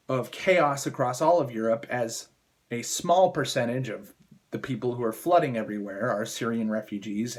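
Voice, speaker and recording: Brief: male vlogger, mid-pitched, furious profane rant, contemptuous. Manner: profane, heated, contemptuous ranting. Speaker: political commentator. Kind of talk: angry political rant vlog.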